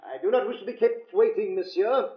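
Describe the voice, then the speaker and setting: An actor playing a scheming male villain who puts on a French accent, with a smooth, sneering, menacing manner, in a 1950s radio drama. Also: high-pitched, a little fast, muffled recording. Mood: mocking. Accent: put-on French.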